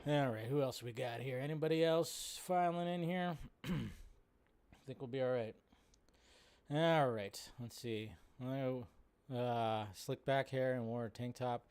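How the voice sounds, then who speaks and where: A man's voice: mid-range voice, unhurried, darkish tone, clean tone. A man hosting a live film news stream, talking in a loose, rambling, casual way with lots of fillers.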